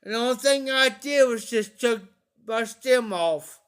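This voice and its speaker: Anxious high-voiced man on a livestream. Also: a little slow, a bit bright, clear, resonant tone. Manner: anxious, pleading, repeats himself. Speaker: livestream host. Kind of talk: casual livestream chat to viewers.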